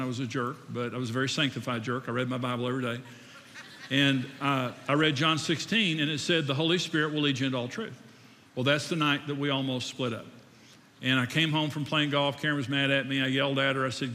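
A man's voice: medium pitch, bright, forceful tone. An older man preaching a sermon in a conversational way, asking his audience questions and joking about himself. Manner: conversational, asks the audience questions, self-deprecating. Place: church hall. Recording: echoey hall.

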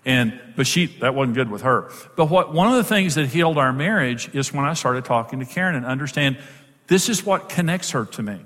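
A man's voice: medium pitch, expressive, a little fast, a bit bright. A middle-aged man giving a humorous talk on marriage, joking and acting out little quotes as he teaches. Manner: jokey, self-deprecating, acts out quotes. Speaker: marriage speaker. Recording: long reverb of a large hall.

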